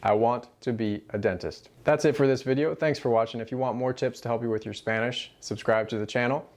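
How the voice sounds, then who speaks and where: A man giving a language lesson, explaining words in a clear, measured way and reading example sentences slowly. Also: mid-range voice, fairly even intonation, darkish tone. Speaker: Spanish teacher.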